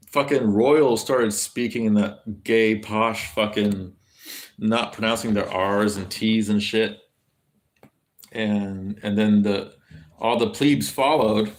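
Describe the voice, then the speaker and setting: An American man giving casual livestream commentary in a rambling, profane way, often restarting his sentences. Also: medium pitch. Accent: General American.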